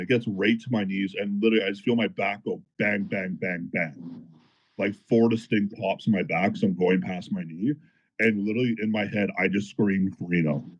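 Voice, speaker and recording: Low-voiced profane powerlifter telling a story. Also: male voice, husky, dull audio. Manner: animated, profane, fired-up retelling. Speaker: powerlifter guest. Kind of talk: casual podcast storytelling.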